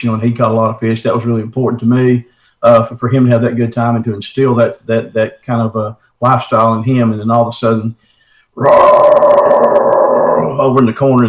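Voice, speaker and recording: An earnest middle-aged man tells his own story in a folksy, plain-spoken way. His voice sits fairly low. The recording sounds roomy, with a noticeable echo. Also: highs cut off. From Texarkana area, southern United States. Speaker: caller telling his encounter. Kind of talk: recounting a personal story.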